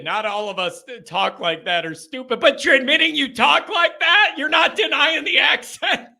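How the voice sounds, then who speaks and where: A man hosts a live sports call-in show, riffing with animated, mocking energy. His voice sits high and sounds sharp and bright. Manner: animated and mocking, with sudden swings in delivery.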